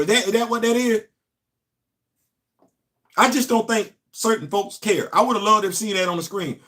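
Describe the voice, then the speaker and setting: Animated man chatting about comics. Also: sits high, brisk. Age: middle-aged. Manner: animated, talks straight to the audience, rising to loud exclamations. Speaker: host of a comics commentary channel. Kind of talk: casual commentary to viewers.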